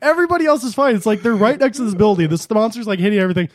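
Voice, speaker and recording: A man co-hosting a podcast in casual comedic chat, animated and laughing, acting out quotes in silly voices. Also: sits high, racing, dry recording, clean studio sound. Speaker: podcast co-host.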